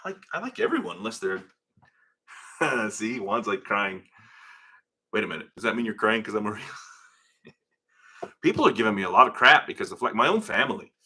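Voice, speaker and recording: Hosting a live car-build stream from his home garage workshop, a man with a lowish, husky voice chats and rambles with animation, reading out names from the chat. He speaks a little fast and pauses often.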